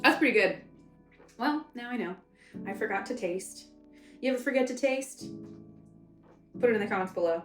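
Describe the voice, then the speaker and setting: A woman's voice: fairly high pitch, normal speed, pauses often, soft background music. A young woman from the American South, chatting and rambling while she cooks for her vlog. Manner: rambling, chatty, self-interrupting. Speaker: cooking vlogger. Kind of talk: casual cooking vlog chat. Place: home kitchen. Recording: echoey kitchen, mic far off.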